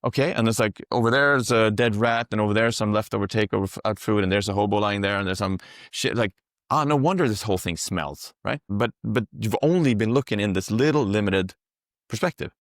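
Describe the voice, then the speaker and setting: A man talks at a quick clip with a somewhat low voice, recorded close and dry. He rambles through one metaphor after another in easygoing podcast chat and swears without a second thought. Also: steady tone, no echo. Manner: swears freely. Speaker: psychedelic guide. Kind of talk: casual podcast conversation.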